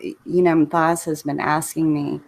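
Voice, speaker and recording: A woman with a low voice and a gravelly edge gives her personal testimony on a live stream. She speaks softly and hesitantly and sounds slightly nervous. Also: little pitch movement, normal speed. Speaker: guest giving a testimony.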